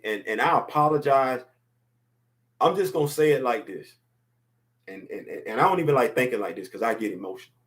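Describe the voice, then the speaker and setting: A man's voice: mid-range voice, a bit bright. A man in his fifties hosting a casual opinion show, talking emphatically and repeating words to drive his points home. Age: 50s. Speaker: podcast host.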